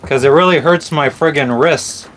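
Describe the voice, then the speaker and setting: Man vlogger, slightly higher voice, teasing and profane, light background noise. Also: moderate pace, a bit bright. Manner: joking, swears freely. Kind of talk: casual chat. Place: on a boat.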